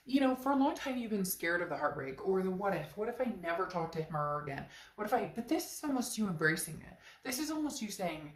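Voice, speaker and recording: A woman's voice: mid-range voice, very animated, fast, hardly any pauses, reverberant. Emphatic woman reading tarot, stuffed up. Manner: emphatic, conversational, talks straight to the viewer. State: stuffed up nose. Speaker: tarot reader.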